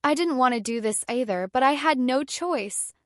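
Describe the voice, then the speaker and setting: A woman's voice: sits high, animated, moderate pace, fairly bright tone, no echo, studio quality. A woman narrator voicing a guilty young female adventurer who speaks in a trembling, pleading way.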